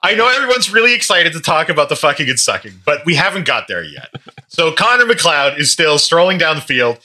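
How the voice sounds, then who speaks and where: Lively, bright-voiced man recapping a film. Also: a little high, a little fast. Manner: lively, wry, swearing freely. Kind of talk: casual chat recapping a movie.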